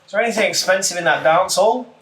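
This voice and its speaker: A man's voice: high-pitched, fast. A man playing a tabletop game, thinking aloud and hesitant. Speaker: player. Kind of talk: casual chat at a tabletop game. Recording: echoey room, faint noise.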